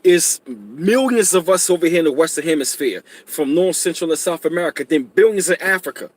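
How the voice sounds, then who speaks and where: A man with a slightly raised pitch, co-hosting a casual podcast. He mostly affirms what his partner says and now and then adds a short point of his own. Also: animated, brisk, breathy edge. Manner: agreeing backchannels, brief affirming interjections. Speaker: podcast co-host. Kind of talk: casual conversational commentary.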